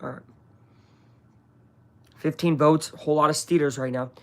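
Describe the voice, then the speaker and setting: A man hosting a live stream, giving chatty play-by-play commentary and reacting excitedly to the action while talking to his viewers. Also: a little high, normal speed. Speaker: streamer hosting a live game watch-along.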